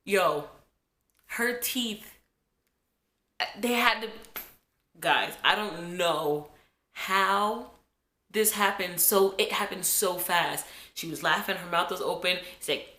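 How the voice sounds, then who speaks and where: A woman in her twenties from New Jersey, telling a childhood story to her viewers in an animated, chatty way while getting over a cold. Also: medium pitch, measured pace. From New Jersey, USA. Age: 20s. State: has a cold. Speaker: vlogger. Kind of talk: casual storytime vlog. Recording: echoey room.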